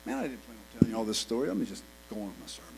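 A middle-aged man preaching a sermon, telling a story with animated swings between hushed and loud delivery. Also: on the low side, rapid-fire, vocal fry, background noise.

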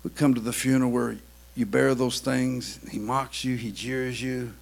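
A man preaching a sermon, swinging between quiet, confiding talk and loud, shouted preaching. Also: mid-range voice, flat delivery, normal speed, creaky.

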